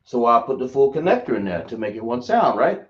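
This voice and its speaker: A man teaching a language lesson, speaking slowly and often checking whether his listeners understand. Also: medium pitch, big pitch swings. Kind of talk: classroom lesson. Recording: echoey room, dull lo-fi sound.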